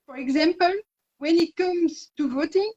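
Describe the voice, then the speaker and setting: A woman's voice: extremely high pitch, normal speed, darkish tone, lo-fi sound. A woman with a French accent whose first language is French, giving a hesitant, carefully phrased presentation full of fillers over a video call. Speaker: speaker, parliament president.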